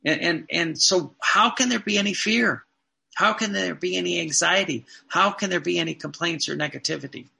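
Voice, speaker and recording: Priest guy preaching, gravelly and really bright voice, keeps repeating himself. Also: high voice, normal speed. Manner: earnest, repetitive preaching with rhetorical questions. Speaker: Catholic priest. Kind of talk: sermon.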